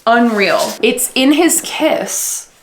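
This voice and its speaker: A woman's voice: fairly high pitch, expressive, slow pace, echoey room, slight background noise. A young woman in her twenties chatting casually in a vlog, gushing and full of fillers as she unboxes things. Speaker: book vlogger.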